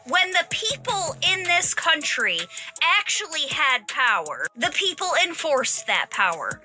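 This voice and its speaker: A woman's voice: sits high, very animated, a little slow, pushed and bright, faint music behind. A woman delivering an angry, profane political rant, hammering her words with heated emphasis. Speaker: political commentator.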